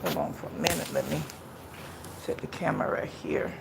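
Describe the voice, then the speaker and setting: A chatty woman talks through a phone camera on a live stream, walking and a bit out of breath. She rambles and repeats herself. There is a clear hiss of background noise on the recording. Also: very deep voice, sing-song, moderate pace. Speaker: vlogger. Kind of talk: casual live-stream chat. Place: walking outdoors, then at home.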